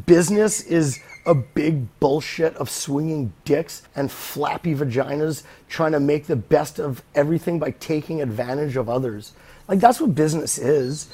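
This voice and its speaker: A man's voice: fairly high pitch, a little mellow. A man hosting a podcast, talking in a rambling, profane and blunt casual monologue. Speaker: podcast host.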